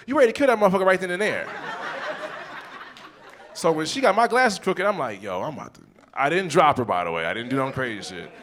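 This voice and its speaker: A man in his forties doing live stand-up, telling a profane family story and acting out the people in it. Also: high-pitched. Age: 40s. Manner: animated, profane, acts out scenes in quoted voices. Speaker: stand-up comedian. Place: comedy theater stage.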